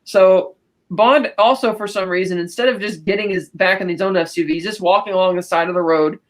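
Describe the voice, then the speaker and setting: A woman walks her co-host through a film's plot in a relaxed podcast chat. She circles back, trips over her words and restarts often, keeping a steady, even pitch. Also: fairly quick. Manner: rambling plot retelling with frequent restarts and fillers. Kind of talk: casual film recap.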